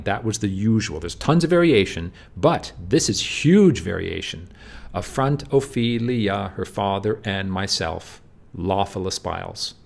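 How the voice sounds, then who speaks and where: Gravelly man lecturing over slides. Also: sits low. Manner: repeats "do you see?", many fillers and restarts. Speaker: literature teacher.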